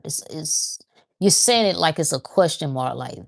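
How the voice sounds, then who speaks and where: Woman host, deep voice, rambling self-talk spiritual chat. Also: lively intonation, unhurried, creaky. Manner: conversational, repeats herself, talks to herself as she thinks aloud. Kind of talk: casual spiritual monologue.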